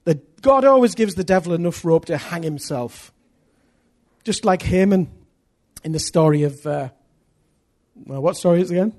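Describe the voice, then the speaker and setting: A high-voiced man preaching with fervor. He drops to near-whispered earnestness, then lifts into loud, rallying questions aimed at the congregation. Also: moderate pace, pauses often. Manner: impassioned, swings from hushed to loud rallying questions. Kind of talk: sermon.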